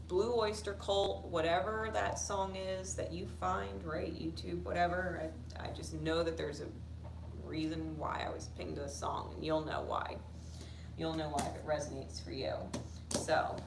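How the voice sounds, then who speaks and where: A woman giving a casual tarot reading, blunt and profane, swinging into animated outbursts. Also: low-pitched, recorded from a distance. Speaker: tarot reader. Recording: echoey room with noise.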